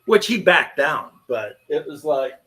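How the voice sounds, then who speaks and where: A man's voice: fairly high pitch, sing-song, measured pace, bright, forceful tone, breathy edge. A man in his fifties hosting a casual chat, telling stories bluntly with profanity. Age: 50s. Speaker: host.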